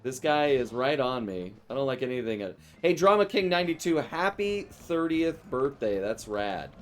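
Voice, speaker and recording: A man's voice: medium pitch, big pitch swings, moderate pace, faint music behind. A man streaming a video game in casual chat, joking playfully and laughing often. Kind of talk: casual chat while gaming.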